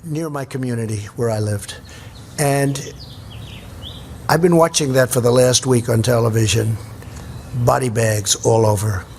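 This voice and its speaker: A man speaking gravely and emphatically, with halting restarts. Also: mid-range voice, a little mellow, slight background noise. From Queens, New York.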